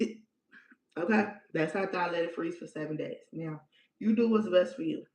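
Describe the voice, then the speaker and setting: A woman's voice: medium pitch, noisy background. A woman giving blunt, profane, emphatic how-to instructions in a casual livestream. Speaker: spiritual practitioner. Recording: echoey room, dull lo-fi sound.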